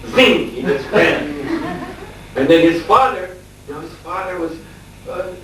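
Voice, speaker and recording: A man telling a story in a lecture, animated and laughing, acting out the shouts of the people in it. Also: sits high, measured pace, a crowd in the background. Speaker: spiritual teacher. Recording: echoey room from far off, faint background noise.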